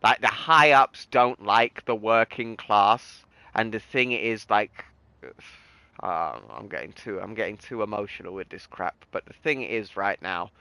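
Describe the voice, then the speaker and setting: Young British streamer, casual and rambling, bright clear voice, dry close mic. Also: male voice, fairly low pitch, unhurried, no echo, rough recording. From United Kingdom. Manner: rambling, full of "like" and restarts. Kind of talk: casual chat on a gaming stream.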